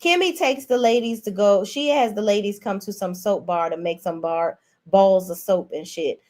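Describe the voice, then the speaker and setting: A young adult woman giving a blunt, profane, animated rant as host of a reality TV recap. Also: mid-range voice, normal speed. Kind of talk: casual ranting commentary.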